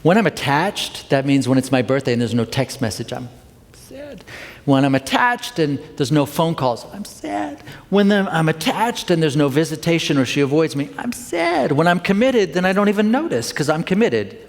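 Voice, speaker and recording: A man's voice: on the high side, very animated, fairly quick, few pauses. A middle-aged male minister giving a conversational, confessional Sunday talk with playful asides to the congregation. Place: church sanctuary. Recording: long hall reverb.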